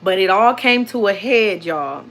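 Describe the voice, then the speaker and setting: A young woman vlogger chatting casually to viewers, animated and repeating herself as she tells a story. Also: mid-range voice, a little slow.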